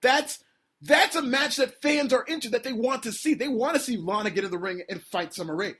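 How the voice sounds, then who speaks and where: A man hosting a podcast, delivering an opinionated, sarcastic solo rant that climbs toward near-shouting. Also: very high voice, fairly quick, breathy edge. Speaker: podcast host.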